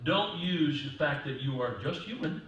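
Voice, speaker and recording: A male pastor giving a sermon in a church, moving from quiet talk to loud preaching. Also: a little high, lively intonation, normal speed, a little hiss or hum. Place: church sanctuary. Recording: distant mic in echoey church hall.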